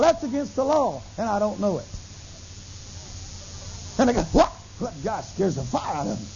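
Gravelly middle-aged guy preaching, kinda high voice, dull lo-fi tape with faint hiss. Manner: animated storytelling, acts out dialogue, bursts into tongues. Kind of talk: sermon.

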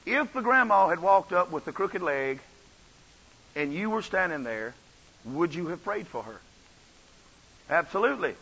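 Preacher guy, high husky voice, dull lo-fi church tape, goes quiet then hollers. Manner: fervent, swings from soft asides to shouted runs. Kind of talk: revival sermon.

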